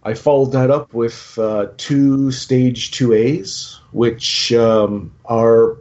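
A man talks casually with a warm, mellow tone, circling back and restarting his sentences as he explains his picks. The recording is dull and slightly muffled. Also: medium pitch, fairly even intonation, very slow. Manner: rambling, lots of restarts and fillers. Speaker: podcast co-host talking through his game army. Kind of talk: casual chat.

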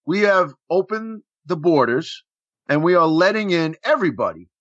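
A man hosting a casual show as "coach", loud and joking with his co-hosts. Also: fairly high pitch, big pitch swings, moderate pace, no room sound. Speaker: podcast host calling himself coach. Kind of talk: casual banter. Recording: dull, dry lo-fi recording.

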